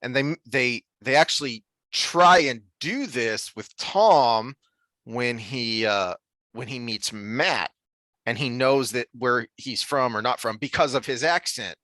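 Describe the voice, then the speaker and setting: Bright-voiced man in animated review chat. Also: medium pitch, slow, no echo. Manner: animated, rambling with restarts. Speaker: podcast co-host. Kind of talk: casual review discussion.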